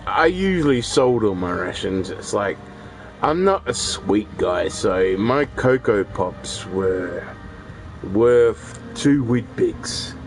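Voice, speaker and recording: Casual gamer guy, unhurried and gravelly, rambling and profane. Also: lowish voice, expressive, low-quality recording. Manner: rambling, profane, restarts often. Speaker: gaming streamer. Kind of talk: casual chat while gaming.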